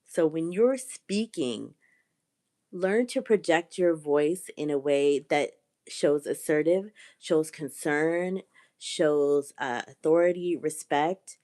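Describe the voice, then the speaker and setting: With a sore throat, a woman delivers a live-stream coaching talk as a communication coach, earnest and returning to her key points. Her voice is low and warm, and she speaks at a slow pace.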